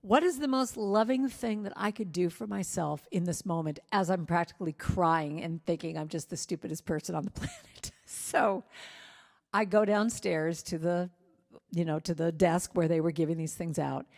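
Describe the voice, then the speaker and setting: A middle-aged woman, a reverend and songwriter, telling a personal story in a candid, self-deprecating way and going soft when she quotes gentle words. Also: fairly low pitch, normal speed, vocal fry, big-room sound.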